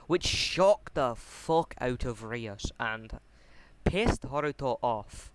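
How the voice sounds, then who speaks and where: A man casually retelling a fan story off the cuff, halting often with fillers, restarts and casual swearing. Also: medium pitch, animated, noisy background.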